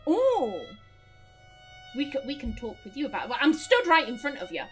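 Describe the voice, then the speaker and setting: Rich: A chatty woman gamer with a fairly high voice, joking about herself and swearing freely. Faint violin music plays in the background. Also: huge pitch swings, moderate pace. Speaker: gaming streamer. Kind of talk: casual let's-play commentary.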